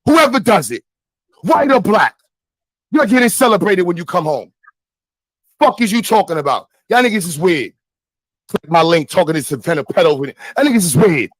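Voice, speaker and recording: A young man with a Brooklyn accent, ranting angrily to his chat on a livestream, shouting and swearing. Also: sits high, sing-song, a little fast, long pauses, no room sound, low-quality recording. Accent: Brooklyn, New York. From New York. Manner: angry, shouting, profane.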